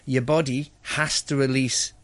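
A man's voice: mid-range voice, level tone, measured pace, fairly bright tone, no echo. A man chatting casually on a radio show about food and diets, rambling and enthusiastic, with lots of fillers and restarts. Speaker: guest cook.

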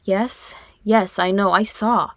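Woman playing a cheeky little dwarf guy, teasing, high and whiny, dry sound. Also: fairly even intonation, slow, no echo. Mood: earnest. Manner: bright, teasing, high and pleading. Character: young male dwarf, small, cheeky and teasing. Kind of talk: audiobook reading.

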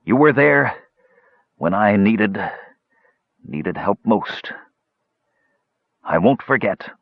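A proud old dwarf on his deathbed, voiced by a man, rasping and wheezing through every phrase. The breathless voice sits higher than a deep narrator's usual, husky and worn, on a dull, dry audiobook recording. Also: expressive, very slow, dry recording, heavily acted. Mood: pained. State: dying, hoarse. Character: dying old male dwarf, proud and guilt-ridden.

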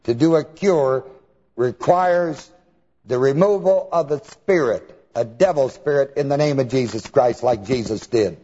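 Unhurried and warm with a slight roughness, a medium-pitched male preacher asks his congregation to fill in words and spells terms out letter by letter. The recording is dull and lo-fi, soaked in long hall reverb.

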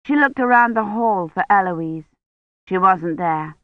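A woman narrating an audiobook in a measured, even storytelling manner. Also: medium pitch, no echo. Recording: dull dry recording.

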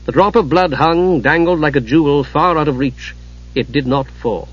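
Male narrator, fantasy audiobook, husky voice, slightly high, dull lo-fi recording. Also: normal speed. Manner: steady, dramatic storytelling.

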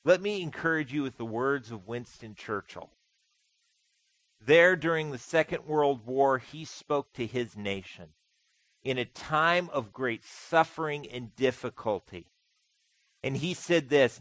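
A man's voice: mid-range voice, a bit bright, dry recording, poor audio. A man preaching a sermon as pastor, conversational with dry humor and emphatic repetition. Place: church sanctuary.

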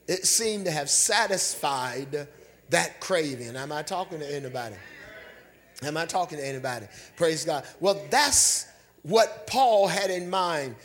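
Preacher, male, slightly high voice; call-and-response sermon, repeats lines, half-sings the peaks. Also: normal speed. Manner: call-and-response preaching, rising to near-song; repeats phrases, calls for amens. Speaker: pastor.

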